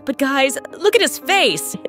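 High, wildly swooping excited woman. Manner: dramatic gasping exclamations, swooping from squeals to low murmurs. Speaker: reaction video host. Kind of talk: excited reaction commentary.

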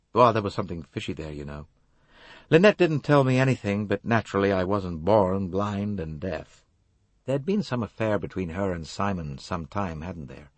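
A man voicing an older American businessman, folksy and halting, confiding in a mournful tone. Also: sits low, no echo. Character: grieving older American businessman, smooth and evasive.

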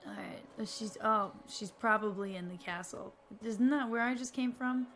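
A woman's voice: medium pitch, moderate pace, fairly bright tone, slight background noise. A woman playing a video game in casual let's-play chat, playful and reading in-game text aloud.

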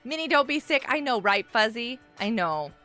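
A woman hosting a casual gaming live stream, chatting with viewers in a bubbly, animated way with gasps and laughs. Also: on the high side, normal speed, faint music behind. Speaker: livestream host.

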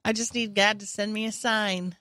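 A young woman co-hosting a podcast, a stand-up comic who chats casually with dry, deadpan quips. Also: medium pitch, moderate pace. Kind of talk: casual comedic chat.

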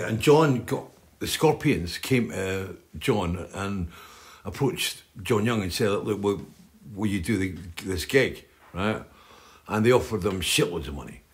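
An older man, hosting and telling stories in a rambling, chatty way, often tagging on "right?". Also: on the low side. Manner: chatty, keeps adding "right?". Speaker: host. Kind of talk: rambling storytelling chat.

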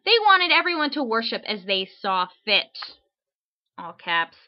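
A woman's voice: a little high, big pitch swings, moderate pace, highs cut off. A woman reading hostile letters aloud in a dry, mock-serious recitation.

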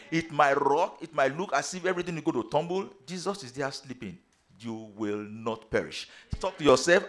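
A man's voice: fairly high pitch, a bit bright. Preaching man with emphatic declarations. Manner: preaching with emphatic rising declarations and repeated phrases. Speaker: pastor. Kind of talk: sermon.

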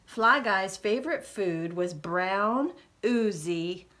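Slow, expressive storytime librarian woman. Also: mid-range voice. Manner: slow, expressive, talks to young children. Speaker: children's librarian. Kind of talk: children's storytime read-aloud.

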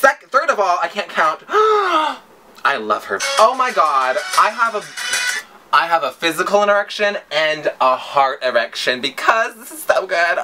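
A man's voice: high-pitched, lively intonation, normal speed. A young man hosting a music video reaction, gushing and rambling with self-mocking asides. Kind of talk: excited reaction chat. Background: song playing faintly.

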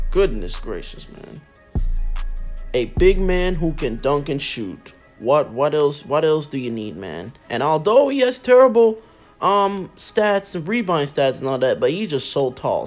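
A man giving casual, excitable commentary over his own mobile basketball game and talking straight to his viewers. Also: medium pitch. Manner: excitable, talks to viewers, says man and bro a lot. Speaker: mobile game channel host.

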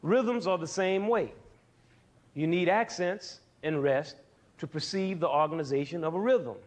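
A man's voice: fairly high pitch, a little slow, slight background noise. A middle-aged man presenting a music lesson for young people, asking questions and answering them himself, with counting and sound demonstrations. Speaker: music educator hosting a TV series.

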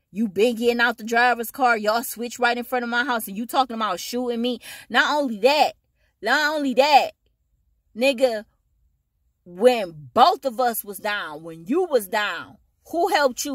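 A woman vents at home in a heated, profane monologue full of blunt slang. Her voice swings up into loud, high-pitched bursts, and the sound is dry and close. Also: dry recording. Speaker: vlogger. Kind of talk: ranting monologue to camera.

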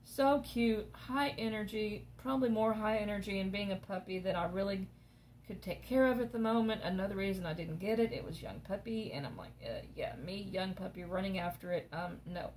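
A woman's voice: mid-range voice, fairly quick, darkish tone, slight background noise. A woman, chatting casually and rambling through stories as she crafts. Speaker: crafting vlogger. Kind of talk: casual chat while crafting.

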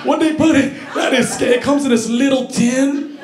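A male stand-up comedian with a high voice, telling a story in a loud, animated way. He sounds like he is in an echoey club with the crowd laughing along. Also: moderate pace, noisy background. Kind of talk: stand-up routine.

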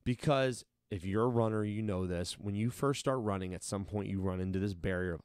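Deep-voiced man telling stories in a dry room. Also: brisk, few pauses, smooth, no echo. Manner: animated, acts out quotes of himself and others. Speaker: combat sports coach. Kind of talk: casual storytelling in an interview.

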